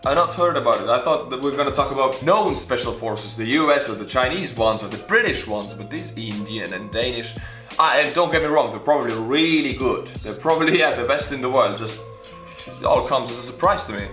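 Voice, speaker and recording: A man in his twenties from Estonia, hosting a casual, playful reaction video with jokey shout-outs. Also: mid-range voice, brisk. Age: 20s. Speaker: YouTube host reacting to a video. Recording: roomy echo with faint music.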